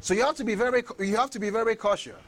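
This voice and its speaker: A man preaching a sermon with emphatic delivery, repeating phrases and bursting into shouts. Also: high voice, racing.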